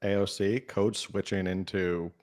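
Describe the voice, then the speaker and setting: Male co-host, low voice, dry and wry, casual podcast talk. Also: flat delivery, unhurried. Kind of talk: casual political chat.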